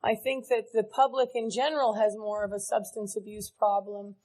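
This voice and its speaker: A woman's voice: medium pitch, little pitch movement, moderate pace, a little mellow, rough recording. A woman giving a candid, earnest recovery talk to a large meeting audience. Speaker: AA speaker. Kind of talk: recovery speech to a live audience.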